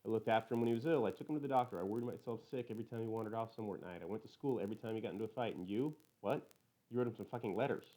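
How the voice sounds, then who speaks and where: A man voicing an angry, remorseful middle-aged father who shouts and pleads, in a low, dark, fast-paced read. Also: rough recording. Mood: shouting furious.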